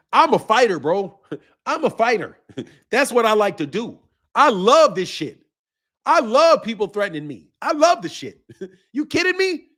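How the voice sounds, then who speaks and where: A man's voice: high-pitched, big pitch swings, unhurried, pauses often, pushed and bright. A man hosting a boxing live stream, answering viewers' comments in a blunt, combative, profane way and laughing often. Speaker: boxing channel host.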